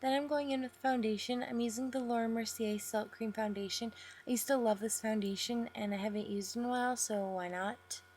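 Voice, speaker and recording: A young woman talking through a makeup tutorial step by step, speaking deliberately slowly in a chatty way. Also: on the high side, steady tone, a little mellow, a little hiss or hum. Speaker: beauty vlogger.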